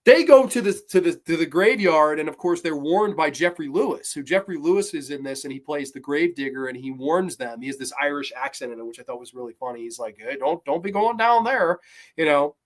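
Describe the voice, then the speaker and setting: A man's voice: a little high, fast, hardly any pauses. A man hosting a podcast, reviewing horror films casually with enthusiastic, rambling talk full of fillers and mock-quoted lines. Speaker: podcast host.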